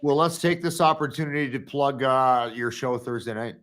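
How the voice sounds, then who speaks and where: A man's voice: medium pitch, normal speed, a bit bright. A man hosting and producing a casual live podcast, teasing his co-host and swearing freely. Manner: teasing, profane, joking. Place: at home with a dog.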